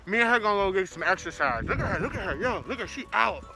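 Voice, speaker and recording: Breathless, excitable vlogger man outdoors. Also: high voice, fast, music in the background. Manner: excitable, slangy, talks to his dog. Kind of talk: casual vlog chat while jogging with his dog. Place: outdoors on a street. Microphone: handheld camera.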